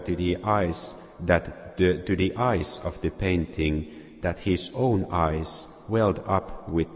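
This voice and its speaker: A man preaching a sermon, telling a story slowly and deliberately to children. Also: low voice, big-room sound. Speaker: Catholic preacher.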